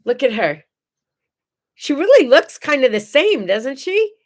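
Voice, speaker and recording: A middle-aged woman hosting a morning show, chatting to viewers and telling animated stories. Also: high voice, a little slow. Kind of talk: casual chat and storytelling.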